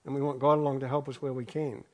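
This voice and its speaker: A man's voice: medium pitch, level tone, quick pace. A man preaching a sermon, reading scripture aloud and then reflecting on it in an earnest way, often repeating his phrases for emphasis. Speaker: pastor.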